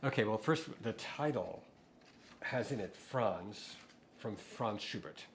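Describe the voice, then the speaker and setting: A middle-aged man, a composer guest, telling stories in a relaxed interview, with frequent fillers and restarts. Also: on the low side, slow, a little hiss or hum. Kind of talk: conversational interview.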